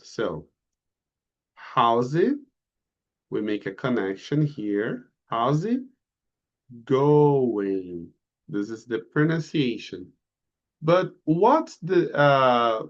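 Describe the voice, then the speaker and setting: Slow, lively male teacher. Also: mid-range voice, dull audio. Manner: slow, drawn-out model phrases for repetition. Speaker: English teacher. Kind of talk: online English lesson.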